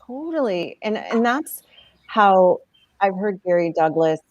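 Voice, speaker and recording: A woman guest chatting casually on a livestream, enthusiastic and quick to laugh. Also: lively intonation, dry recording, muffled recording. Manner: enthusiastic, bursts into high laughter. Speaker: guest facilitator.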